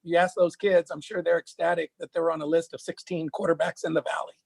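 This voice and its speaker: A man, a high school football coach, chatting casually and rambling with many fillers and restarts. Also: little pitch movement, quick pace, gravelly, breathy edge, no room sound. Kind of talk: casual chat.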